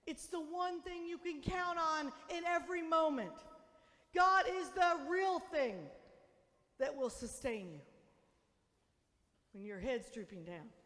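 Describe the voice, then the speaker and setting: A woman pastor preaching a sermon, swinging between loud emphatic declarations and soft, hushed lines. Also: sits high, expressive, takes it slowly, pauses often. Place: church sanctuary. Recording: long church reverb.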